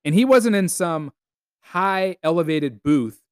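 A man's voice: a little high, animated, slow pace, smooth, dry recording, studio quality. A man hosting his own podcast, talking casually and sarcastically, swearing often and laughing between stories. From United States. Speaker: podcast host. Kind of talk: casual solo podcast monologue.

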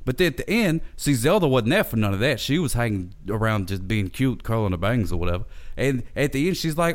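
A man's voice: mid-range voice, animated, brisk. A man hosting casually, recapping an old TV episode in a rambling, folksy way with frequent self-corrections. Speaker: show host reviewing an old TV series.

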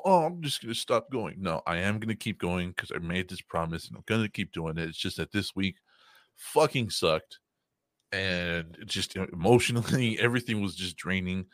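Young man, podcast host, low voice, dry close sound, rambling, swears a lot. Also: fairly bright tone, no echo. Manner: rambling, profane storytelling with frequent fillers. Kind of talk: casual chat.

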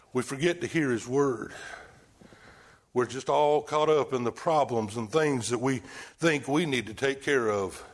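A man preaching a folksy sermon, swinging from loud bursts down to hushed lines. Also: medium pitch. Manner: animated, swings from shouting to near-whisper, folksy.

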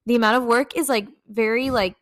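A woman's voice: on the high side, steady tone, brisk, a little hiss or hum. A young woman co-hosting a podcast, chatting casually and enthusiastically, with lots of filler words. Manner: enthusiastic, gushing, many fillers. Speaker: podcast co-host, content creator. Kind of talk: casual chat.

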